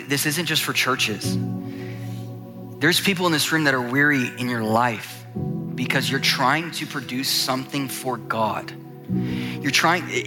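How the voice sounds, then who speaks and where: A man preaching a sermon with a high, passionate voice. He swings from hushed low asides to urgent, climbing appeals. Music plays clearly behind him. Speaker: pastor.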